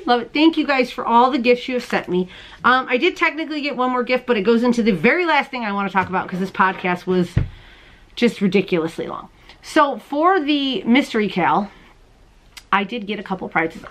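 A woman's voice: fairly high pitch, a bit bright, poor audio. A woman hosting her crochet podcast at home late at night, chatting casually and gushing over gifts she shows on camera. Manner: bubbly, chatty, gushes over small things. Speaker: podcast host. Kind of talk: casual chat showing mail and gifts on camera. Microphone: camera she handles while showing items.

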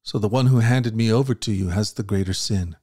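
A man voicing a calm male prisoner with quiet authority, speaking low and unhurried. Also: no echo, studio quality, close to an everyday voice.

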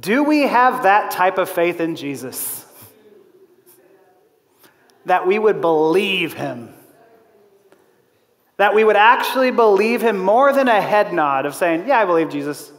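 A man preaching a sermon as pastor, telling a story in an animated way, laughing often and acting out the quotes. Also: sits high, a little slow, long pauses, long reverb tail. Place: church auditorium.

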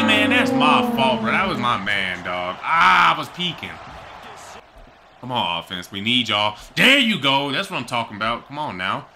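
A young man commentates his own football video game, hyping himself up and breaking into shouts and sing-song bragging. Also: mid-range voice, very animated, normal speed, loud music behind the voice. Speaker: gaming YouTuber. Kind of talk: excited live game commentary.

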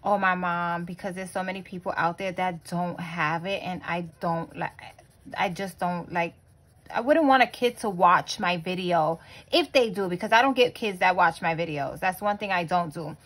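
A young adult woman and mother hosting a budgeting vlog, talking casually with lots of fillers and restarts, and quietly counting money under her breath. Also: fairly low pitch, normal speed, poor audio. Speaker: budgeting channel host.

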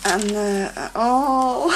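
A woman's voice: on the high side, extremely slow, very noisy. A woman vlogger unboxing gifts at home, gushing with overwhelmed exclamations and stammering restarts.

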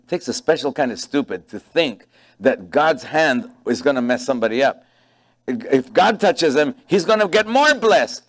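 The pastor here speaks in a mid-range voice at a moderate pace. Preaching his sermon, he brings stories to life with animation, leans on key phrases, and voices the dialogue of different characters.

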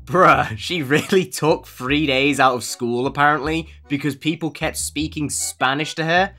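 A man's voice: a little high, fairly even intonation, a little slow, sharp tone, faint music behind. Sarcastic young man mocking clips. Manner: sarcastic, mocking, rhetorical questions. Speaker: commentary youtuber. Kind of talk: comedic reaction commentary.

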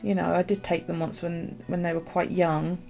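Chatty mum with a gravelly voice. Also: female voice, fairly low pitch, level tone, normal speed, a little mellow, faint music behind. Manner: chatty storytelling, swears freely. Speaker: journaling vlogger. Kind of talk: casual chat.

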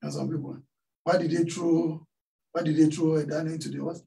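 A pastor preaching in church, his voice fairly high-pitched but mellow and dark in tone. He tells a story and keeps throwing questions out to the congregation, and he sounds set back from the microphone. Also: little pitch movement, brisk, creaky, far from the mic, rough recording. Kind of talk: sermon. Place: church hall.

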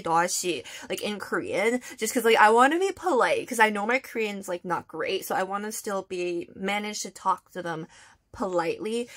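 A woman's voice: on the low side, a bit bright. A woman in her twenties telling a story in a casual vlog, rambling with many fillers and squealing when she retells her own flustered replies. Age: 20s. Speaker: vlogger.

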